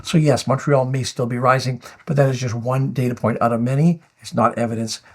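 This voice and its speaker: A man at mid pitch explains market data to his viewers. He argues firmly against their comments, and he walks through each point in a steady, explanatory commentary style. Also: brisk. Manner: firm, rebuttal-style, reading out viewer comments. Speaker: finance video host.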